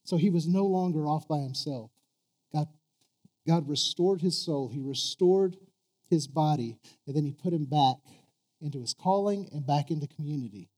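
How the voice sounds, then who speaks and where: A man's voice: on the high side, moderate pace, dark tone. A man preaching a sermon who asks his congregation questions. He stumbles, restarts and repeats words, then rises to emphatic peaks.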